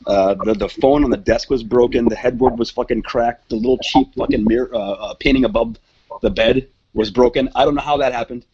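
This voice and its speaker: A man's voice: mid-range voice, a little fast, slightly rough, dull audio. A man telling a wild personal story in casual podcast chat, swearing freely and acting out the voices of people in it. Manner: profane, animated, acts out quoted voices. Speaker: podcast guest.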